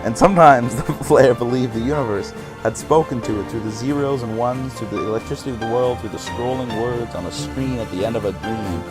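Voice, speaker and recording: Game music plays as a man, the channel's host, reads game text aloud, often fumbling and giggling at the words. He speaks at a medium pitch, fairly quickly and with few pauses.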